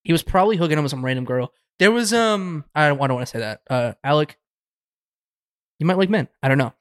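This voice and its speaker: A young man with a slightly raised pitch, joking and swearing casually as a podcast co-host. The sound is dry and close, with no room around it. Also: lively intonation, fast, a bit bright, no echo. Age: young adult.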